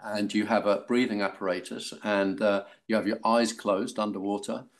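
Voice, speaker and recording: Older English male actor, lively raconteur, lowish voice, voices the people in his stories. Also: normal speed. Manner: animated storyteller, acts out quoted voices, laughs often. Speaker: actor guest. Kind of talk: anecdotal interview.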